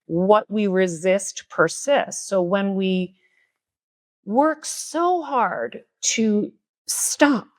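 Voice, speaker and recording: Middle-aged woman yoga teacher, earnest reflective podcast talk, dry close sound, mid pitch. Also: a little mellow, no room sound. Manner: earnest, slows down to stress key words. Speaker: spiritual and yoga teacher, guest speaker. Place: retreat center room.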